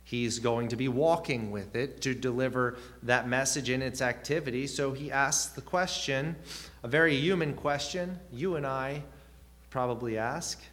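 A man's voice: mid-range voice, moderate pace, a bit bright. A man preaching a sermon, earnest, with rising and falling emphasis and questions put to the listeners.

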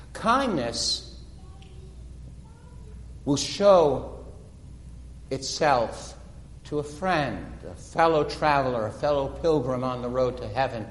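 A man preaching a sermon, retelling stories dramatically and slowing down for emphasis. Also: mid-range voice, animated. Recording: echoey hall reverb.

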